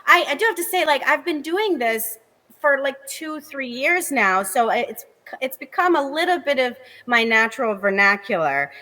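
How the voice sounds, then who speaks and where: A woman's voice: sits high, expressive, moderate pace, sharp tone, big-room sound, low-quality recording. A young woman guest, a comedian, chatting animatedly in an interview with lots of fillers. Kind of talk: casual interview chat.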